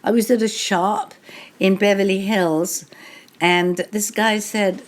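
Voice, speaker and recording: A woman's voice: mid-range voice, steady tone, slow. An older English woman, a guest author at a live bookshop event, telling stories in a wry, anecdotal way and laughing often. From England. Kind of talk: live interview storytelling. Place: bookshop event before an audience.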